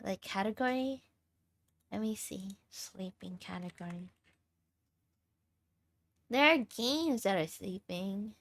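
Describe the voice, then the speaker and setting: Young woman, livestreamer, tired, laid-back chat, lots of laughs, drawn-out pace, mid pitch. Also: expressive, dry recording. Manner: laughs often while chatting. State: tired, sleep deprived. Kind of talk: casual chat with viewers.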